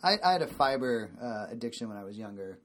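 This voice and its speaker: A young man co-hosting a podcast, chatting casually and joking, with quick bits of put-on voices for punchlines. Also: mid-range voice, lively intonation, a bit bright. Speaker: podcast co-host. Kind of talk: casual chat.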